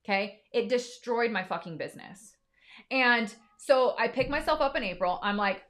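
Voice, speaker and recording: A woman's voice: on the high side, moderate pace, fairly bright tone. A young adult woman, a business coach, talking candidly and emotionally in a live stream, blunt and often swearing.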